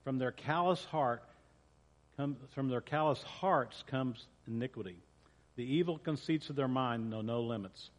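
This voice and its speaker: A man's voice: medium pitch, unhurried. A man preaching as a pastor, reading scripture in a casual way and often repeating and correcting himself. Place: church sanctuary. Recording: long church reverb.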